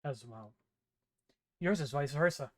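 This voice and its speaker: A man's voice: on the high side, a little slow. A man playing in a tabletop role-play, describing his character's actions in the first person. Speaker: player.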